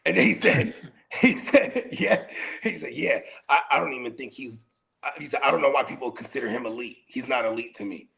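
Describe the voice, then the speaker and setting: A man co-hosting a fantasy football podcast in casual chat, slangy and animated, laughing through his own stories. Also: mid-range voice, fairly quick, creaky. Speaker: podcast co-host.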